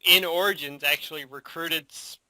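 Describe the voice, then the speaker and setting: A man's voice: a little high, fairly even intonation, moderate pace, bright, forceful tone. A man co-hosting a podcast in casual chat, laughing often and filling gaps with agreeing murmurs. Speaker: podcast co-host.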